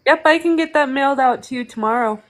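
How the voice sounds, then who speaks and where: A woman's voice: high-pitched, fast. A woman guest on a live stream, chatting casually and sounding amazed. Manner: excited, amazed. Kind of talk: casual chat.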